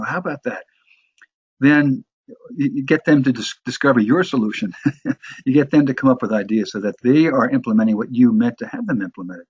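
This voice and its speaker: A husky, darkish mid-range voice belongs to a New York-area man teaching about sales presentations. He talks conversationally, restarting often and repeating words. The sound is lo-fi with no echo.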